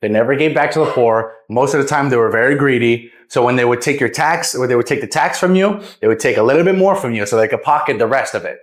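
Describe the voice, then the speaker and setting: A man's voice: medium pitch, fast, few pauses, echoey room. A young man casually retelling a Bible parable, rambling and repeating words as he goes. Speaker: vlogger.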